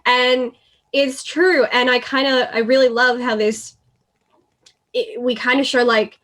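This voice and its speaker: A woman's voice: fairly high pitch, fairly even intonation, measured pace, fairly bright tone. A woman hosting a casual movie chat, talking freely with laughs and the odd swear. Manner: chatty, swears, laughs easily. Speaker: podcast host.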